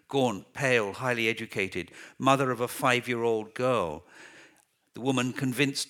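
Bright-voiced man reading a novel. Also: medium pitch. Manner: measured, deliberate reading. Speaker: audiobook narrator. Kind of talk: literary audiobook narration.

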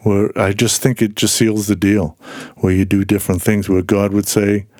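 A man appears as a guest on a faith podcast, casually telling personal stories and animatedly acting out the voices he quotes. His voice is on the low side at a normal speed, recorded as clean studio sound with no echo.

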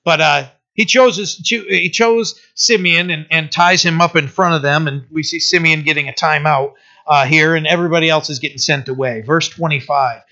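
A man's voice: a little high, normal speed, bright, forceful tone, dull audio. A man preaching as pastor, reading scripture aloud and explaining it in a conversational way, often checking in with "right?". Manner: conversational, many fillers, asks listeners "right?".

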